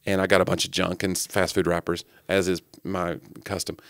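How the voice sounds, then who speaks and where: A man co-hosting a podcast, telling animated, jokey stories in casual chat. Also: sits low, brisk, vocal fry, dry recording, studio quality. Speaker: podcast co-host.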